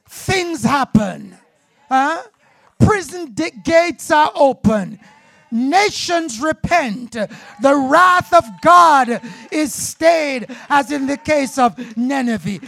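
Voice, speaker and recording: A man pastor preaching a sermon with fiery passion. He swells into shouts, stutters his opening words and throws out calls of "huh?". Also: very high voice, gravelly, dry recording, clean studio sound. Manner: repeats opening words when starting a thought.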